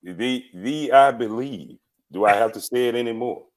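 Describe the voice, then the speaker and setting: A man's voice: medium pitch, normal speed. A male co-host of a sports show in casual talk, teasing and playful.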